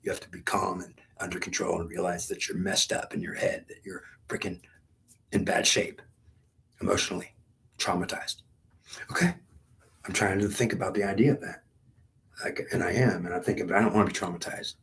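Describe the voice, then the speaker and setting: A man's voice: low-pitched, fairly even intonation, fast, poor audio. A man in his fifties telling of his talks with God in a rambling, intense monologue that often drops to a whisper. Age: 50s. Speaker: speaker recounting talks with God. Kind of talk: unscripted spiritual monologue.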